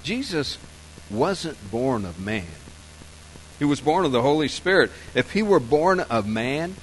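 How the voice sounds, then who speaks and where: A man preaching a sermon, telling a story softly and slowly, then building to loud, emphatic points. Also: mid-range voice, slight background noise, poor audio. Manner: storytelling, soft and slow in scenes, rising loud and emphatic for points. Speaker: pastor.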